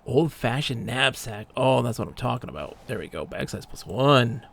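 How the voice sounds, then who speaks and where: A man's voice: medium pitch, expressive, normal speed, gravelly, fairly bright tone, slight background noise. A man streaming live gameplay, muttering to himself and reading item text aloud as he plays.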